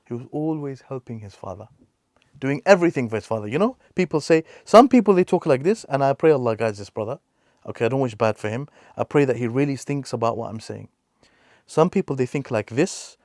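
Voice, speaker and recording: A man gives earnest advice as the host of a reaction video, driving his points home by repeating them. His mid-pitched voice has a gravelly rasp. The recording is dry and close. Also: darkish tone, no echo. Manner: emphatic, repeats key phrases for stress.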